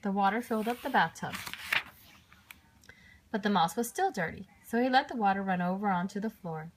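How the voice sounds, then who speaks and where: A mother reading children's stories aloud at bedtime, gentle and expressive, with a rhythmic delivery. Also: medium pitch, a little fast, background noise.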